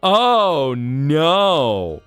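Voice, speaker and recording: A man's voice: on the high side, big pitch swings, extremely slow, fairly bright tone, clear, resonant tone, no room sound. A man streaming live, chatting casually and playfully teasing his viewers as he reacts to chat. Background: faint guitar music.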